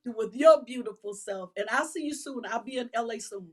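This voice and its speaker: A woman's voice: on the high side, a little fast. A woman guest in an interview, speaking sincerely and openly emotional. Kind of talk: heartfelt conversation.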